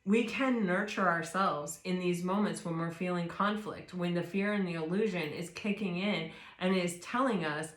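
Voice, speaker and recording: A woman giving a tarot reading, talking in a loose, rambling way with lots of fillers and self-corrections. Her voice sits on the low side for a woman and is soft and reassuring. The sound has a noticeable roomy echo. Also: normal speed, hardly any pauses. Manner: rambling, many fillers and restarts. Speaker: tarot reader. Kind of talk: casual spiritual chat.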